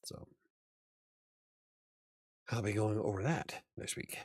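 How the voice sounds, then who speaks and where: A man's voice: lowish voice, slow pace, a little mellow, breathy edge, no echo, studio quality. A man hosting a casual livestream as an author, rambling a little, chuckling and answering chat comments aloud.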